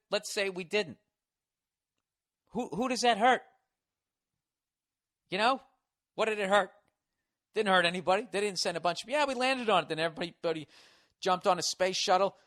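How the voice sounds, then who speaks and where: A man's voice: on the high side, no room sound, studio quality. Foul-mouthed ranting male streamer. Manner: animated, crude and swearing, repeats words. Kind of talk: casual profane rant.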